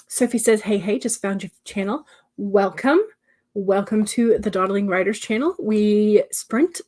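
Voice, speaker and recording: A woman hosts a writing livestream, casually reading viewers' comments aloud and answering them in a chatty way. Her voice is medium-pitched, and at times she drops to soft murmurs.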